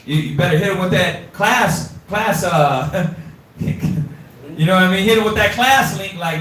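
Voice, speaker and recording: High-voiced man teaching a scripture class. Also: a little slow, distant mic. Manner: animated and streetwise, quizzing the class. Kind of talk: informal scripture class lecture. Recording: echoey room recorded from afar, faint hum.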